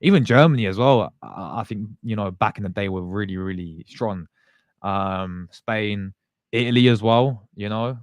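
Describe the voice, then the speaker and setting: A man with a fairly low voice talks casually to his livestream viewers. He rambles in a loose, slangy way, often restarting his sentences. The sound is dry and close, with no room echo. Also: moderate pace. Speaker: fan channel host.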